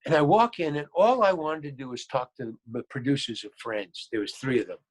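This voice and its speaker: A man's voice: medium pitch, fairly quick. A man, a guest actor, telling a story and acting out what people said, often repeating his words. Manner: animated, acts out quoted lines, repeats words. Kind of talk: storytelling anecdote.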